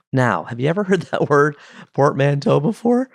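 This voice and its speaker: A man's voice: a little high, sing-song, normal speed, gravelly, no echo. A man hosting a podcast, chatting enthusiastically with playful asides into a close mic. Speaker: podcast host. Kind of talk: casual podcast monologue.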